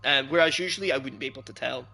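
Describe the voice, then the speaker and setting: A young Scottish man streams a game and chats loosely with his viewers, laughing a lot. His mid-range voice is gravelly and sharp, and he talks very fast over soft background music.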